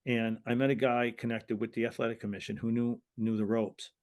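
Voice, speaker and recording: His mid-range voice is level, darkish and a little fast as this older American, formerly a wrestling referee, tells lengthy stories as an interview guest. The storytelling rambles with restarts, and he acts out the voices of those he quotes.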